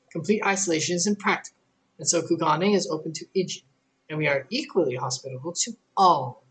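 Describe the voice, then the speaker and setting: A man voicing a calm, measured woman innkeeper in a video game, speaking formally and deliberately. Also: a little high, a little hiss or hum, voice pushed up, poor audio. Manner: formal, deliberate, softly spoken.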